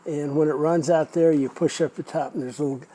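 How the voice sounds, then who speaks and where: Step by step, an older mechanic patiently shows a learner how to repair a motorcycle in a hands-on demo. He talks fast in a slightly high, steady voice, with heavy noise in the background.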